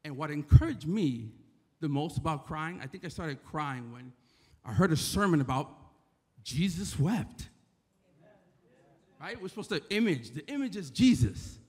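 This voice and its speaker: Speaking at a measured pace with long pauses, a man from the Bronx gives a casual church talk in a New York accent. His voice is a little high and expressive, with a darkish, slightly rough tone. He often asks the crowd "right?" and the hall is echoey.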